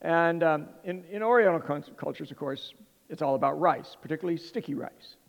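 Middle-aged man, humorous storytelling, rambling, gravelly voice, echoey hall. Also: a little high, fairly quick, muffled recording. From Southern California. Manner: rambling, self-interrupting, animated. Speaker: speaker addressing an audience.

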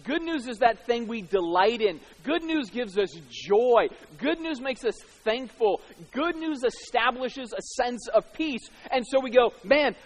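High-voiced male preacher in a reverberant hall. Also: lively intonation, unhurried, few pauses. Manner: conversational, tag questions, acts out quoted voices. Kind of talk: sermon.

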